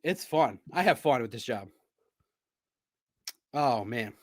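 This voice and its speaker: A man hosting a sports podcast, chatting casually and telling animated stories with frequent laughter. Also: medium pitch, slow. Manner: animated storyteller, laughs often, mimics shouting. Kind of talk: casual livestream chat.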